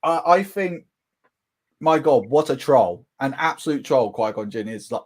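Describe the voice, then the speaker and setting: A British man hosts a relaxed live-stream chat. His pitch rises and falls a lot, and he laughs often and drops into quick impressions. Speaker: host.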